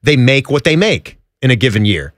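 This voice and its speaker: A man's voice: mid-range voice, big pitch swings, normal speed, fairly bright tone, no room sound, studio quality. A man co-hosting a radio show, teasing and joking in casual banter. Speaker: radio co-host.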